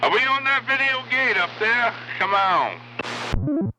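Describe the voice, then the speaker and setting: A man's voice: very high voice, very animated, slow, music in the background, poor audio. A man from Massachusetts on CB radio, polite and formal, using radio sign-off phrases. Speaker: CB radio operator. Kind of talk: casual CB radio chatter. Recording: received radio signal with static.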